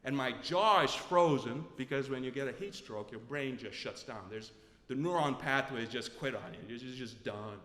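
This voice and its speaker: A man's voice: mid-range voice, moderate pace. A man from Pakistan telling a personal story on stage, acting out the other people in it. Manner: animated, acts out voices of doctor and nurse. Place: stage in a live venue. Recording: live stage recording with long reverb.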